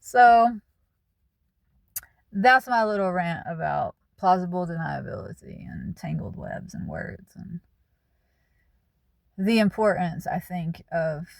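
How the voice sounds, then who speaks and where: A woman's voice: lowish voice, animated, slow, vocal fry, pauses often, dry recording, studio quality. A woman giving a candid, emphatic spoken monologue as a channel host, talking plainly.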